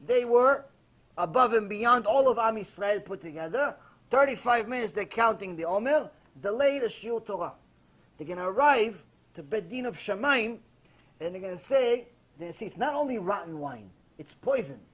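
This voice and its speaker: A man who is a rabbi, giving a Torah lesson as a sermon and telling stories emphatically, dropping to a hush and then rising loud. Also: high voice, expressive, normal speed. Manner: emphatic storytelling, swinging from hushed to loud.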